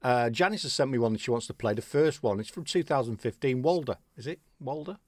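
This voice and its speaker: A man's voice: mid-range voice, expressive, quick pace, dry recording, studio quality. A middle-aged man from Manchester with a Mancunian accent, hosting a casual interview in a chatty, rambling way with repeated words. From Manchester, England. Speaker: radio show host.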